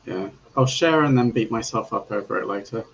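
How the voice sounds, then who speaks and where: A man's voice: on the low side, fairly quick, creaky, a bit bright. A man chatting while he draws, with dry self-deprecating humour. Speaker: artist on the stream. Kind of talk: casual chat while drawing. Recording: dull lo-fi call audio, faint noise.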